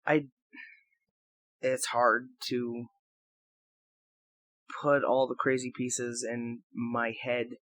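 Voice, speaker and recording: A man rambling through a reflective solo audio blog into a microphone, halting and questioning himself as he goes, swearing freely. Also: medium pitch, little pitch movement, fairly bright tone, no echo. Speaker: audio blogger. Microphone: talking into a microphone.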